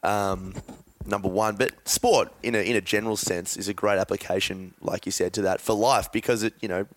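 An Australian man co-hosting a podcast, relaxed and rambling, with frequent fillers. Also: lowish voice, brisk. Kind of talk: casual podcast chat.

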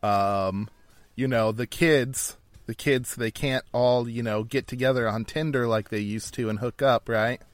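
A man's voice: mid-range voice, steady tone, measured pace, no echo. A man co-hosting a podcast in casual, rambling chat, full of fillers. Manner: laid-back, rambling with fillers. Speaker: podcast co-host.

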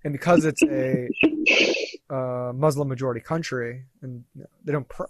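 A man in his thirties, a podcast guest, telling a story in a casual, animated way and acting out what people said. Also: mid-range voice, moderate pace, no room sound. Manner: animated, swearing, acts out quoted lines.

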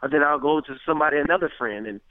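A man's voice: a little high, racing, no room sound. Rambling man on a tinny phone line. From Richmond, California. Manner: rambling, fills with "you know what I mean". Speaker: rapper guest. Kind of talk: casual interview talk.

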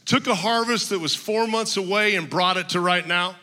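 A man preaching in a church hall, his voice sitting a little high and sounding very bright and cutting. Long reverb trails behind his words, and he speaks in an emphatic, storytelling way with some humor. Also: moderate pace. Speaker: pastor. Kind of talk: sermon.

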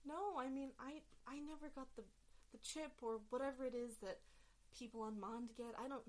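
Tense and desperate, this is a scaled alien prisoner played by a woman, high and quivering, stumbling over words as it pleads to be taken home. The voice rises high above her own and stays fragile throughout. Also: a little mellow, close to an everyday voice. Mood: flustered. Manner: shaky, pleading, halting. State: distressed. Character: frightened young alien captive with silver scales.

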